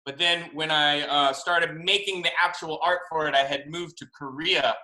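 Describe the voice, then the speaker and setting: A man, a children's book author, reading a picture book aloud to young children over a video call, animated and chatty, in an echoey room. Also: fairly high pitch, moderate pace. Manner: animated, chatty storytelling to kids.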